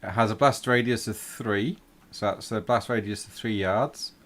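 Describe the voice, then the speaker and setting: A man's voice: lowish voice, moderate pace, fairly bright tone. A man running a tabletop role-playing game as game master, patiently explaining the rules in a matter-of-fact way.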